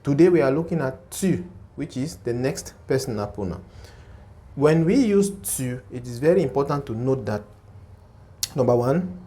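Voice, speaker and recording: Emphatic man teaching, mellow voice. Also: mid-range voice, animated, moderate pace. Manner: repetitive, emphatic, step-by-step. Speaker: French teacher. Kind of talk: explaining grammar lesson.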